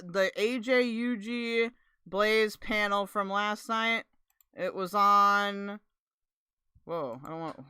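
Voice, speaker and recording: Bright, crisp-voiced woman streamer. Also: mid-range voice, no echo. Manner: blunt, exasperated asides. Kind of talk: casual livestream commentary.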